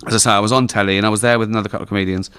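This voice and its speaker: A man's voice: on the low side, steady tone, very fast, a bit bright, smooth, no room sound, studio quality. A middle-aged English man, a comedian on stage, telling stories with swearing and frequent laughter. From England. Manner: swearing storyteller, laughs often, mimics people. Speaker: comedian guest. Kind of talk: live stage conversation.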